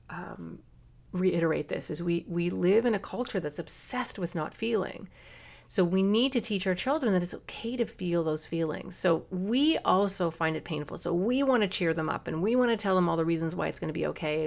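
A middle-aged woman hosts a solo parenting podcast in an earnest, coaching manner. Her voice sits fairly low and carries a gravelly fry. She talks to listeners directly, slipping in quick asides.

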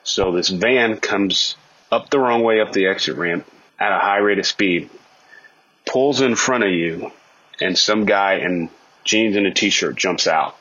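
A man with a low, husky voice breaks down a court case in a persuasive, argumentative way. He keeps throwing rhetorical questions at the listener and acts out the quotes he cites. The recording sounds dull and lo-fi. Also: a bit bright.

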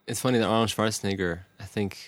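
A man co-hosting a podcast in casual chat, quick, agreeable and jokey. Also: lowish voice, steady tone. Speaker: podcast co-host. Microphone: studio mic.

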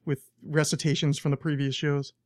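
A man's voice: on the high side, little pitch movement, moderate pace, darkish tone, dry recording, clean studio sound. A man hosting a podcast, chatting casually in a rambling, profane, self-mocking way. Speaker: podcast host. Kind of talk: casual chat.

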